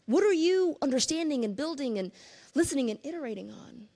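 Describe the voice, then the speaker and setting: Woman in her thirties for an earnest keynote talk; conversational, a bit high, with vocal fry. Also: animated, a little fast, dark tone. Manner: earnest, conversational, with asides to the audience. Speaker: conference speaker.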